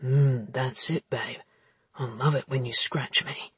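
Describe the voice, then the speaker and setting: A woman voicing a cocky, teasing man in an audiobook, speaking with a smug, husky drawl. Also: steady tone, slow pace, heavily acted. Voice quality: husky, low and hushed.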